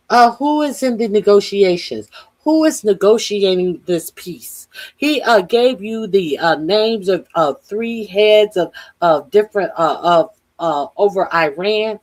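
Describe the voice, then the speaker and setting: Halting, blunt woman political commentator. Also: medium pitch. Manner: halting, many "uh" fillers, blunt and profane.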